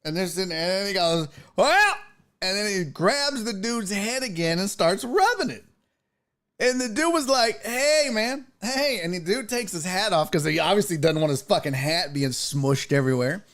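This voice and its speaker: A man's voice: high voice, expressive, normal speed, a bit bright. A man hosting a sports talk show, telling a story in a casual, profane way and laughing often.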